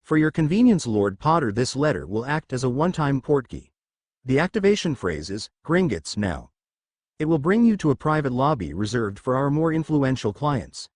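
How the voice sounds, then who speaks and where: A man narrating a fan fiction story in a steady, expressive storytelling voice. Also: mid-range voice, brisk, no echo, clean studio sound.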